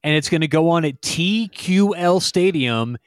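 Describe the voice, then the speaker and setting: Playful man with a higher voice. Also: expressive, measured pace, clean tone, no room sound, studio quality. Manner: playful, jokey, leads the questions. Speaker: podcast co-host running the segment. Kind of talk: casual sports podcast banter. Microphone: remote call, home microphone.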